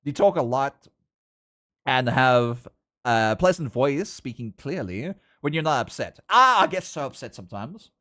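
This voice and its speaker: A man, chatting casually with his live-stream viewers while drawing, laughing often and getting animated. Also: medium pitch, a little slow.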